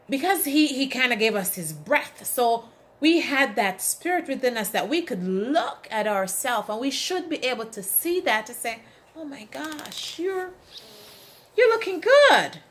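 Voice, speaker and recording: A woman's voice: sits high, a little slow. Emphatic woman giving an inspirational talk. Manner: emphatic, asks the audience "right?"; animated storytelling with acted quotes. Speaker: motivational speaker.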